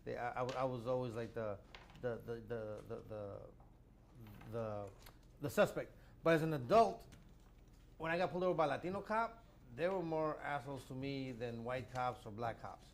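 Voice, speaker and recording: A young adult man from the United States, a comedian telling a story in casual chat, animated and often repeating words as he stammers. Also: mid-range voice, normal speed, slight background noise. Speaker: comedian guest.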